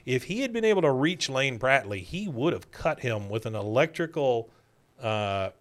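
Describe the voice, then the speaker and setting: A man hosts a casual podcast recap and retells the plot in a loose, rambling way. His voice has a bright, forward edge. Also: mid-range voice, big pitch swings, normal speed. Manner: rambling, filler-heavy retelling. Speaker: podcast co-host.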